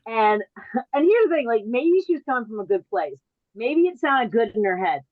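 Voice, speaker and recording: Woman, forties, stand-up storyteller on a video call; rambling, punchy, slightly high, dry dull audio. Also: big pitch swings, normal speed, no room sound. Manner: rambling, self-interrupting, punchy. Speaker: comedian telling a story.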